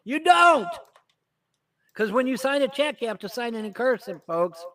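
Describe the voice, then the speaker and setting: A man's voice: very high voice, very animated, measured pace, sharp tone. A man hosting a show, ranting angrily and mockingly with constant swearing. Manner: angry, cursing, mocking. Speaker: host. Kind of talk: profane political rant.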